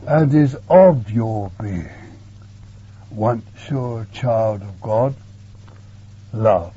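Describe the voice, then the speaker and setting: Slow earnest man preaching, low voice, muffled old tape. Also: expressive, husky. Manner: earnest, repeats words, sometimes drops to a hush. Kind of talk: sermon. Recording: dull lo-fi recording with faint hum.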